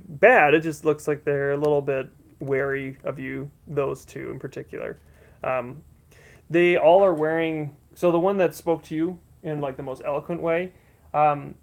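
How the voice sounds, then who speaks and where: Game master type: man narrating a livestream campaign, gravelly, loose and rambling. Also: on the high side. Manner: rambling, many fillers and restarts.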